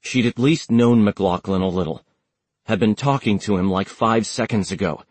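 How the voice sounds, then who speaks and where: A man reading an audiobook in a steady, measured narration. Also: lowish voice, no room sound. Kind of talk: scripted narration.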